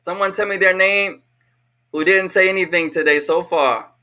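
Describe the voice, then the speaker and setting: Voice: mid-range voice, moderate pace, bright, forceful tone. A teacher leading an online language lesson for children, patiently repeating each question over a video call.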